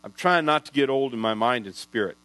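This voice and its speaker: A man's voice: mid-range voice, expressive, fairly quick, pushed and bright, no echo, poor audio. Folksy man in his sixties preaching. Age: 60s. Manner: folksy, rambling with restarts. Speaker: pastor. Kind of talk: sermon storytelling. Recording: dry with mains hum.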